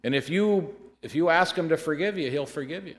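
A man's voice: fairly high pitch, brisk, voice pushed up, natural voice. A man preaching a sermon, voicing an old homeless man who gives simple, hesitant answers in a sermon story. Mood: earnest. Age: older.

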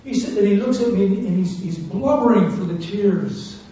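Male preacher, high voice, fervent testimony sermon, distant muffled echoey hall recording. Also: normal speed. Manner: fervent storytelling, swinging from hushed to loud.

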